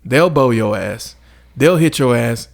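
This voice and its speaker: A man's voice: mid-range voice, expressive, measured pace, vocal fry. A man co-hosting a podcast in casual chat, blunt and profane, often laughing as he makes his points. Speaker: podcast co-host.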